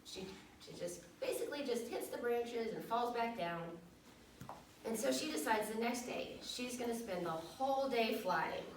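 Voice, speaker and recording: A woman's voice: a little high, lively intonation, moderate pace, distant mic, a little hiss or hum. A woman casually retelling a children's picture book in a loose, chatty way. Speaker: storyteller. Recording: echoey room, voice from off-mic.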